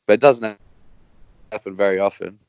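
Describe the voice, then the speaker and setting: An Australian man, a guest racer, chatting casually on a podcast in a halting, rambling way with many restarts. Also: on the low side, fairly even intonation, gravelly, darkish tone, smooth, no room sound, dull audio.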